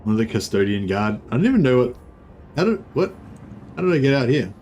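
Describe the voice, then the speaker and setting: Speaking quickly in a mid-range voice, a male streamer comments casually on a strategy game, rambling, breaking off mid-thought and swearing at times. The poor-quality audio has steady background noise.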